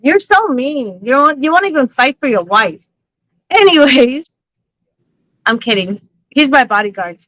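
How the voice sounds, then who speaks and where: A woman hosting a psychic-reading livestream, telling a story in an animated, laughing way and swearing freely. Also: high-pitched, a little slow, long pauses, no echo, poor audio. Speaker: psychic reader and livestream host.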